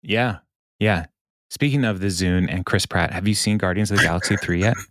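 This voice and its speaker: A man's voice: deep voice, brisk, a bit bright, a little hiss or hum. A man co-hosting a podcast, casually recapping a TV episode with lots of fillers and laughs. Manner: rambling, many fillers, laughs often. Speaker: podcast co-host.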